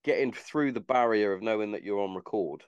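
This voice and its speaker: A man's voice: on the low side, brisk, clear, resonant tone, no room sound, dull audio. A man hosting a podcast, chatting casually in a rambling way and swearing freely. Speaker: podcast host. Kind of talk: casual chat.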